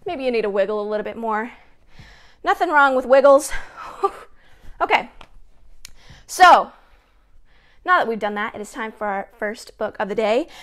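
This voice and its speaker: A high-voiced woman running a children's story time from home, close to her own mic and camera. She is playful and chatty, calling out wiggles and talking straight to the young listeners. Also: a bit bright. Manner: upbeat, playful, chatty, addresses kids directly. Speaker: family educator hosting story time.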